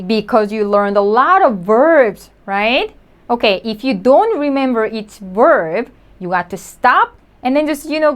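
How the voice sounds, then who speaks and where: A woman teaching in an online lesson, slowly explaining words and repeating examples for her students. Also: on the high side. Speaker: Korean language teacher.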